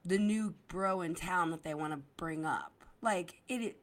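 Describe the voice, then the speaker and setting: A woman from the Philadelphia area, a comedian guesting on a podcast, telling stories in an animated way, swearing freely and filling her talk with "like" and "literally". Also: lowish voice, a little slow. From Delaware County, Philadelphia area. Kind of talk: casual podcast chat.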